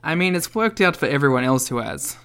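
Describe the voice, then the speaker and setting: A man's voice: fairly high pitch, very animated, brisk, a bit bright, clean tone. A man co-hosting a podcast in casual chat, making dry, wry remarks. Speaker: podcast co-host.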